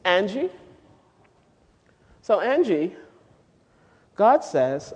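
A woman giving a sermon-style teaching to a group of women, lively and asking the audience questions. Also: fairly low pitch, a little slow, breathy edge. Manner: animated, asks the audience questions, sings out quoted lines. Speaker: speaker at a women's gathering. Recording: dull lo-fi recording with long hall reverb.

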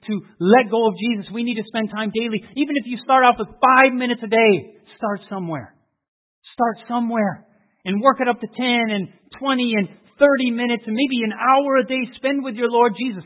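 A man preaching a sermon, telling a story and then making emotional appeals that swell and drop to hushed prayer. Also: high-pitched. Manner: emotional, rising to fervent appeals and dropping to hushed tones. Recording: tinny phone-like audio.

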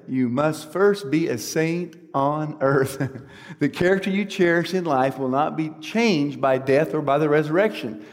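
A man's voice: mid-range voice, big-room sound. A man giving an earnest preaching talk, often checking in with his listeners with questions. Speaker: speaker at a church meeting.

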